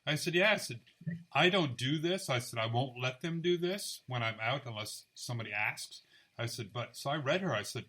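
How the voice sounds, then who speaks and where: A man, a psychic medium, chatting casually and retelling his experiences with lively quoted dialogue. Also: mid-range voice, normal speed. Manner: animated storyteller, acts out quoted dialogue. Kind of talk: casual chat, storytelling.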